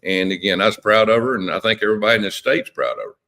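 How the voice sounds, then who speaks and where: A man's voice: on the low side, racing, bright, forceful tone. A man speaking as a politician guest on a radio interview, impassioned and emphatic, often repeating words.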